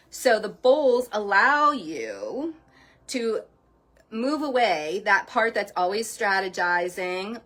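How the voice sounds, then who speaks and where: A woman's voice: medium pitch, fairly bright tone. A middle-aged woman hosting a sound healing talk, earnest and encouraging, speaking directly to her viewers. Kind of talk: casual motivational talk.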